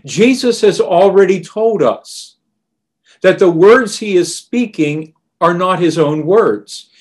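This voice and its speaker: A man preaching a sermon in a slow, earnest and deliberate way, dropping softer on the verses he quotes. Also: sits high, lively intonation.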